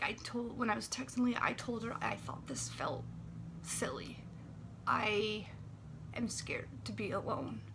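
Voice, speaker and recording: A woman in her late twenties, talking in a personal vlog, anxious and near tears, with a dry throat, halting and often dropping to a whisper. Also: a little high, a bit bright, a little hiss or hum. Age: 20s. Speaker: vlogger. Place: warm apartment room.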